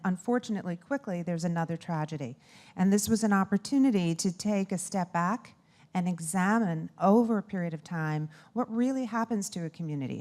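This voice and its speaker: Mellow, earnest woman film producer. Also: lowish voice. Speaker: documentary producer. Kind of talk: interview conversation.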